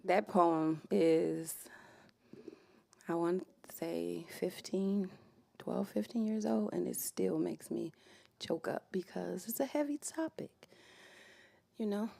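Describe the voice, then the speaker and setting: A woman performing spoken word poetry live with an emphatic, rhythmic delivery and pauses that hang between phrases. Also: on the low side, gravelly, dark tone. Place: community music venue, live performance. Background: guitar playing.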